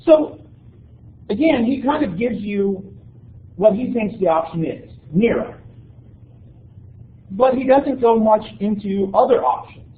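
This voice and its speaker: Male lecturer, high-pitched, chatty classroom delivery, echoey room. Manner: conversational, keeps checking in with "right?". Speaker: university lecturer. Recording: echoey room, tinny phone-like sound.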